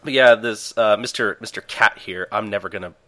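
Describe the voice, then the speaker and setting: A man's voice: lowish voice, a little fast, fairly bright tone. A man co-hosting a podcast, easygoing and chatty as he recaps a manga chapter. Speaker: podcast co-host. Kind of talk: casual chat recapping a manga.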